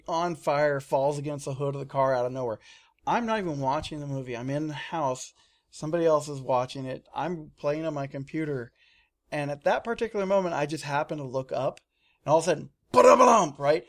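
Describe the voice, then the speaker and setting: Animated man telling stories, slightly high voice. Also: moderate pace. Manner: animated storyteller, mimics his own screams. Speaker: comic shop staff guest. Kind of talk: casual radio-style chat.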